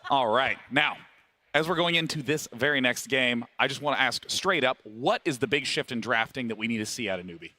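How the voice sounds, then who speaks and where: Bright upbeat esports panel host man. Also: medium pitch, animated, fairly quick. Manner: upbeat, steers talk between guests. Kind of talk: live broadcast panel hosting.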